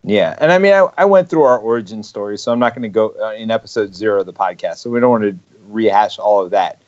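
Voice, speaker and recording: A man's voice: lowish voice, lively intonation, quick pace, a little mellow. A man, a board game designer co-hosting a podcast live stream, talking in an easygoing way. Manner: easygoing, laughs along. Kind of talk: casual live stream chat. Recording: dull lo-fi stream audio.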